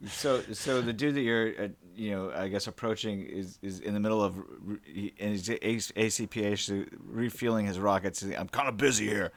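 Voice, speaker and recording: A man with a fairly low voice running a tabletop role-playing game. He talks casually and loosely, swearing freely as he describes scenes and speaks for the characters. The tone is easygoing, with plenty of hesitation. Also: normal speed, few pauses. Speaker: game master.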